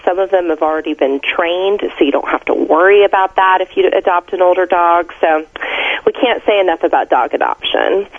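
Woman, author guest, chatty and enthusiastic, heard over a thin telephone line. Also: lowish voice. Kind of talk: interview over the phone. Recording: tinny phone line.

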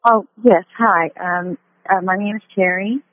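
A woman calling in to a radio show, hesitant and halting with many fillers. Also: mid-range voice, fairly even intonation, a loud crowd. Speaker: caller. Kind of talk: call-in question. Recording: tinny phone line.

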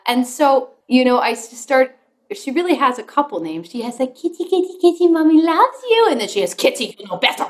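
A woman's voice: high voice, very animated, fairly quick. A woman who writes songs, chatting on a video call from home, rambling and restarting her sentences as she tells stories. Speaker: guest, songwriter. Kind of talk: casual video call chat. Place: home with a studio.

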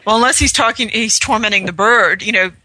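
A woman's voice: medium pitch, a little fast, sharp tone, dry recording. A woman hosting a radio talk show asks her guest curious questions and prompts him along.

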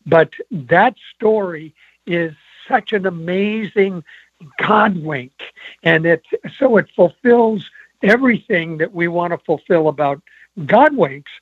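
A man's voice: high voice, animated, slow, dry recording, phone-quality sound. A man, a co-author, talking about his book in a genial, chatty way during an interview. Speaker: co-author and guest. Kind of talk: casual interview talk.

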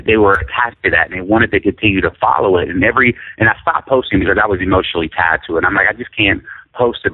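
A man's voice: lowish voice, breathy edge, no room sound. A man, a guest in an interview, telling a personal story in an earnest, rambling way with many fillers and restarts. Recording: phone-like radio line.

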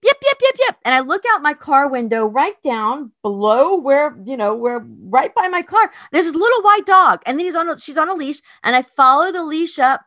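A woman from North Carolina, a podcast host and dog trainer, telling a heartfelt story in a casual, animated way. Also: high-pitched, moderate pace, few pauses, dry recording, studio quality. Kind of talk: casual chat.

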